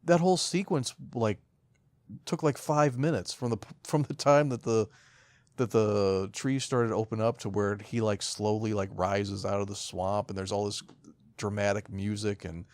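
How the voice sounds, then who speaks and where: Lower-voiced, profane male podcaster, dry sound. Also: fairly even intonation, normal speed, darkish tone, no echo. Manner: profane, agreeable, sarcastic asides. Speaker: podcast co-host. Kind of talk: casual movie review chat.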